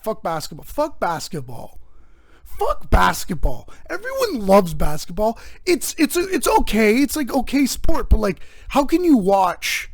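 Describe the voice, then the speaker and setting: High-voiced man ranting comically. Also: no room sound. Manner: rambling, profane, animated rants. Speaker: host. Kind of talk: casual comedic monologue.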